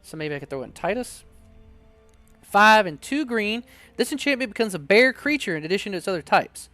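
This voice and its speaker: An excitable man chats through a card-opening video, his high voice swinging up and down a lot. He sounds smooth and resonant, close and dry. Faint music plays underneath. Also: fairly quick, no room sound. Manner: chatty and excitable, reads card text aloud. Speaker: card-opening channel host. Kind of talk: casual unboxing chat.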